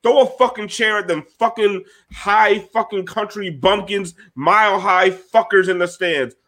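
A man's voice: sits high, a little slow. A man hosting a sports postgame show, ranting furiously with nonstop cursing. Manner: furious, cursing, shouting at referees and fans. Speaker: podcast host. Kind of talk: profane angry sports rant.

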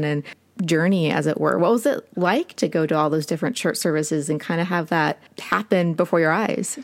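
A woman's voice: lowish voice, moderate pace. A woman interviewer talking chattily with many fillers before she asks her question. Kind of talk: interview conversation.

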